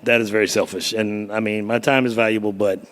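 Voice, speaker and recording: A man, a photographer telling stories in a casual podcast chat, lively and quick to laugh. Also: on the low side. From Bahamas. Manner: animated storyteller with a gravelly voice and frequent laughter.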